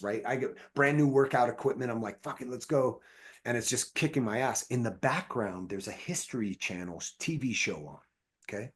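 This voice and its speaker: A man, a guest on a podcast, telling long, profane anecdotes from his acting career in a casual, animated way. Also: mid-range voice, slightly rough. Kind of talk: casual storytelling chat.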